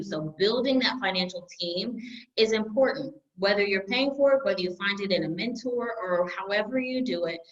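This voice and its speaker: A woman accountant presenting a webinar to small business owners, lively and acting out clients' voices. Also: medium pitch, dull audio.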